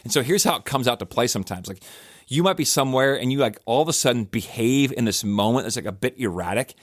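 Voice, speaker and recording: A man's voice: mid-range voice, animated, fast, no room sound, clean studio sound. A podcast host, a man likely in his thirties, talking in a casual, rambling reflective monologue with frequent restarts and fillers.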